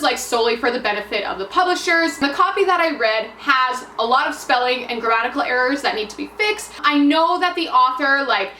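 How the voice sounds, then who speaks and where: A woman's voice: high-pitched, sharp tone, slight background noise. A young woman casually reviewing a book for her vlog, chatty and full of filler words, recorded a bit far off in an echoey room. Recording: echoey room heard from a distance.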